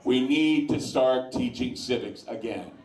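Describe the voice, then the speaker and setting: A man's voice: medium pitch, unhurried, vocal fry, a crowd in the background. A man hosting an informal talk in front of a live audience at a sports lounge, speaking bluntly, with crude asides. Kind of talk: informal talk to a bar crowd. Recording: echoey room, voice far from mic.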